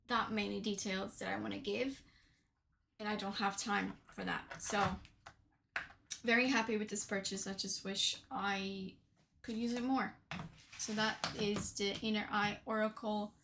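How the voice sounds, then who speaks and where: A young woman from Portugal gives a casual showcase of her tarot decks, speaking at medium pitch with vocal fry over a noisy background. She's chatty, filling her talk with fillers and tag questions like "right?".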